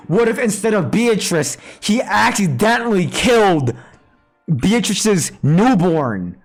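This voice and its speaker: A man streaming a visual novel playthrough live, theorizing aloud in an excitable, profane way. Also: high-pitched, slow pace, soft background music.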